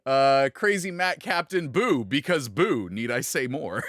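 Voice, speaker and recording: A man's voice: mid-range voice, animated, unhurried, fairly bright tone, no echo, clean studio sound. A man hosting a casual livestream chat, laughing often and reading viewer comments aloud. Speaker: host.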